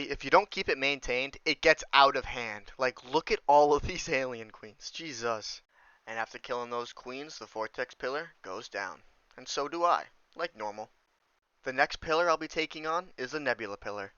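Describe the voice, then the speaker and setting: Young male gamer narrating over footage; bright, crisp voice, cursing and venting constantly, dry slightly dull recording. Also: medium pitch, moderate pace, no room sound. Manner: profane, exasperated ranting with sudden outbursts. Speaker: gaming YouTuber.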